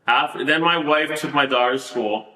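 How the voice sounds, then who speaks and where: Rambling man with a bright voice. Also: mid-range voice, normal speed, echoey room, poor audio. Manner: rambling, many "like" fillers, laughs at the absurdity. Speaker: podcast guest. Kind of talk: storytelling in a casual interview.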